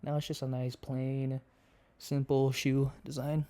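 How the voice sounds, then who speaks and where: A man's voice: medium pitch, unhurried, smooth. A laid-back young man, a college student, chatting casually as a podcast guest. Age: young adult. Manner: laid-back, relaxed storytelling. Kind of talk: casual chat.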